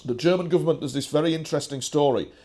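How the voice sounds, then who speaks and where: A warm-toned, higher-pitched man from England talks very fast as he presents slides in the first person. His talk is emphatic and rambling, full of digressions, restarts, and frequent "uh" sounds.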